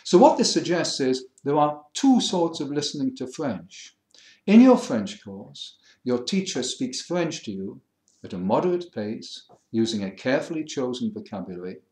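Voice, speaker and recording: Educated English man with a lively voice. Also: mid-range voice, moderate pace, reverberant. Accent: standard English, middle-class educated. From England. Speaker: French listening teacher. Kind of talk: lecture to camera.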